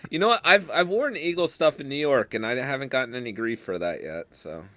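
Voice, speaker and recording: A man's voice: mid-range voice, expressive, a little fast, pushed and bright, slight background noise. A man on a video call in a casual group chat, telling stories and laughing at them. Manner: storytelling, laughs at his own stories.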